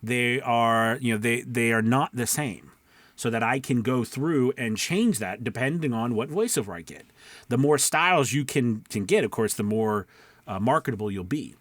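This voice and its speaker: A man's voice: medium pitch, normal speed, fairly bright tone, dry recording. A man coaching beginner voice actors in a casual teaching talk, often checking in with "okay" and "right.". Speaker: voice acting coach.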